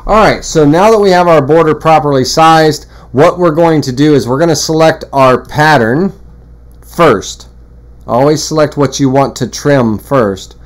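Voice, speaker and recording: A man walking through a woodworking software tutorial in a casual, rambling way, full of fillers and restarts. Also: a little high, a little slow. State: has the hiccups. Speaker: CNC woodworking instructor. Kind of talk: screen-recorded software tutorial.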